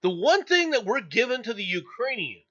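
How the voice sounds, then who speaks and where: A man's voice: extremely high pitch, very animated, normal speed, fairly bright tone. A man hosting an opinionated news commentary, ranting angrily with profanity and frequent stammered restarts. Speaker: show host. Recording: dull lo-fi audio.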